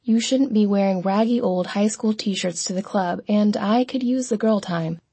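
A woman's voice: medium pitch, normal speed, mellow, husky, no echo. Woman reading as a tearful mother. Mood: coaxing. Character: tearful middle-aged mother brushing off trouble.

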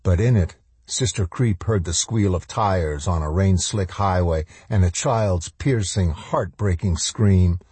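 A man narrating a horror audiobook in a measured, grave reading style. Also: deep voice, darkish tone, breathy edge, no echo.

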